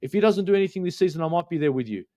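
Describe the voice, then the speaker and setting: A man's voice: a little high, lively intonation, very fast, dark tone. A man with an Australian accent, co-hosting a football fan stream and ranting bluntly with plenty of swearing. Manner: blunt, profane, worked-up. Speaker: co-host. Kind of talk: heated fan rant.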